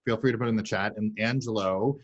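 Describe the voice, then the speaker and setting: Male host, low voice, quick talker with restarts, muffled call audio. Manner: quick, with many restarts and fillers. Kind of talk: moderating a virtual conversation. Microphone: video call.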